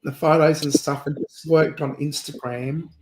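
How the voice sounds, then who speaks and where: A woman's voice: low-pitched, steady tone, moderate pace, darkish tone, husky, rough recording. A woman hosting a casual chat, rambling and reminiscing, often trailing off and restarting. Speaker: host.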